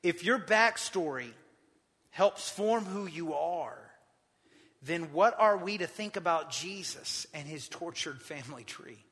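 A man preaching a sermon, retelling scripture with lively acted-out quotes. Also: fairly high pitch, slow, slightly rough, big-room sound. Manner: animated storytelling, acting out quotes. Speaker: pastor.

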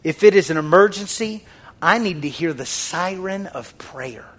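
High-voiced fervent preacher man. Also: lively intonation, normal speed. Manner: swings from hushed, near-whispered lines to loud shouted exhortation; fervent, repetitive, call-and-response preaching. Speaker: pastor. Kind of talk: sermon.

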